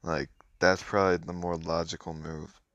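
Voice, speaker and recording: A man with a very low, deep voice talks through a mobile card game in an offhand, muttering way. The sound is dry and close, with no room around it. His commentary stays relaxed and conversational. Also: moderate pace, no room sound, highs cut off. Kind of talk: casual gameplay commentary.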